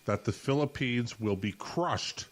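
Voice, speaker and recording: A man's voice: mid-range voice, unhurried. A man hosting a podcast who sets out the topics and teases his co-host in casual chat. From Canada. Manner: leads the talk, sets out topics, dry teasing.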